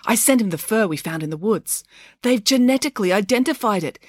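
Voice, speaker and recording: A woman voicing an excitable, theatrical young girl in a storybook, chatty and dramatic. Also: medium pitch, a little fast, dry recording, clean studio sound, pitched above the performer's own voice, lightly acted. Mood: excited.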